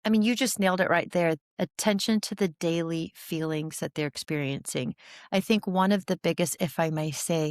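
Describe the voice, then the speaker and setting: A woman in her forties, a therapist talking as a podcast guest, explaining with animated energy and frequent restarts. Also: low voice, no room sound, studio quality. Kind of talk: podcast interview conversation.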